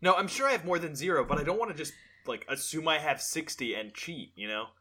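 A man playing a tabletop game, speaking dry and deadpan. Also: fairly high pitch, quick pace, breathy edge. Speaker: player. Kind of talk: tabletop role-play, in character.

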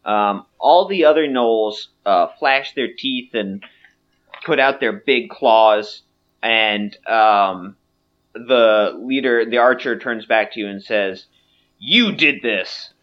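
A man acts as game master for a tabletop game, narrating at a slow, unhurried pace. He pauses often and laughs between lines. The recording sounds dull and lo-fi. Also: fairly low pitch.

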